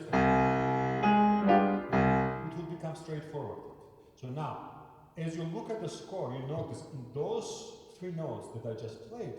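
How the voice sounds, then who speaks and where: Man coaching piano in an echoey hall. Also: a little high. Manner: patient, repeats short prompts like look and yes. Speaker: piano teacher. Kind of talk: remote piano masterclass coaching. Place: room with a piano. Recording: echoey hall, mic far off, loud piano. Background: piano playing.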